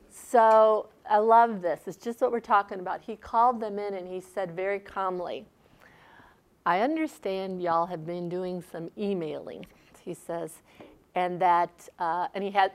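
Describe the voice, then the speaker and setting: Woman leading a seminar exercise. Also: medium pitch. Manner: conversational, retells a story with quoted speech. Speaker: seminar speaker. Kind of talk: seminar talk with a workshop exercise. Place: seminar room.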